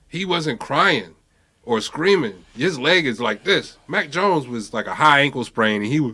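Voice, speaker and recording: A man co-hosting a casual sports podcast, telling stories with lively impressions and casual swearing. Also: mid-range voice, a little slow. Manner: animated storytelling, mimics players, swears casually. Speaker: podcast co-host.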